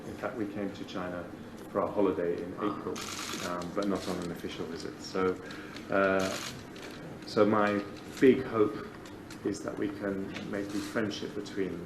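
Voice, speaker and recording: A man, a politician, giving halting public remarks with many pauses. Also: low-pitched, little pitch movement, reverberant, background noise.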